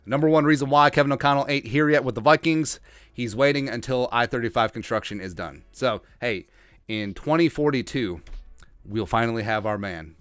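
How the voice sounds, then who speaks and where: Man, sports podcast host, smooth voice, dry close sound, joking and rambling. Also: mid-range voice, moderate pace, a bit bright, no echo, faint music behind. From Asian heritage, Minnesota fan. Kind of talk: comedic sports commentary.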